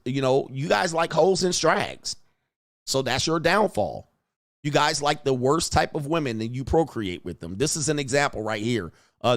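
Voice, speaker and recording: A man hosting a casual livestream, talking animatedly and swinging between mocking high voices and low mutters. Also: vocal fry, no echo, clean studio sound. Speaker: host.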